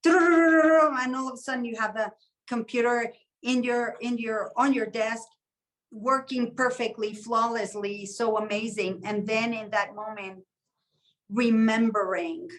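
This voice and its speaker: A woman's voice: a little high, unhurried, a bit bright, low-quality recording. A woman co-hosting a podcast, chatting casually and reflecting in long flowing thoughts. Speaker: podcast co-host. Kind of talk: casual chat.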